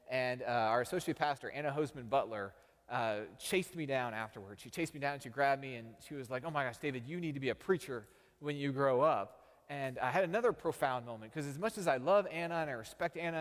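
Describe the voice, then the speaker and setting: A man preaching a sermon, spinning a personal story with dry, self-deprecating humor. His voice sits at an ordinary pitch and carries a long reverb, as if filling a church sanctuary. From Texas. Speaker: pastor.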